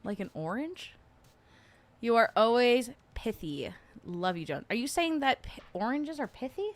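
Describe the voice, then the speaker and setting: A woman's voice: fairly high pitch, very animated, moderate pace. Sarcastic New woman streamer. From New Jersey. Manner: sarcastic, chatty, laughs often. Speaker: livestream host. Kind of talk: casual livestream chat. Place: at home.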